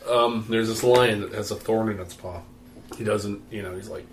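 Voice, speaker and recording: A man's voice: lowish voice, steady tone, normal speed, noisy background. A man acting as game master in a casual tabletop game session, telling a crude joke and laughing at his own lines. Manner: laughs at his own jokes, breaks into giggles.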